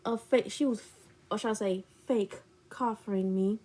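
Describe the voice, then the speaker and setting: A woman's voice: mid-range voice, fairly even intonation, moderate pace, dark tone. Indignant young woman telling a story. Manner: blunt, indignant, slangy retelling. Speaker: storytime vlogger. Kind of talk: storytime chat.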